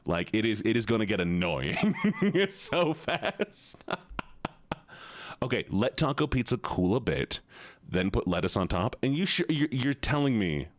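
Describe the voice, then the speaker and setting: Lively, playful man streaming live. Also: fairly low pitch, a little slow. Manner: playful, animated, chatty with viewers. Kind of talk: casual live-stream chat.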